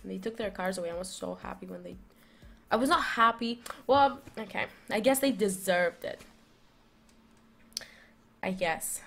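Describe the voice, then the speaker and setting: A young woman vlogging, telling a story in a rambling, animated way full of fillers and restarts. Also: mid-range voice, moderate pace, gravelly, pauses often. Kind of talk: casual storytelling.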